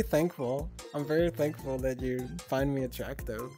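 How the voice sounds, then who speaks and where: A woman's voice: rumbling low, normal speed, few pauses, dark tone. Giggly flustered woman streamer, faint music. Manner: giggly, flustered, swears a lot, stutters. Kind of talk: casual live stream chat.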